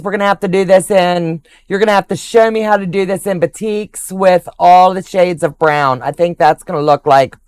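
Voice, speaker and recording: A woman's voice: fairly low pitch, darkish tone, no room sound. An older woman hosting a quilting livestream, chatting casually and gushing affectionately over viewers' comments.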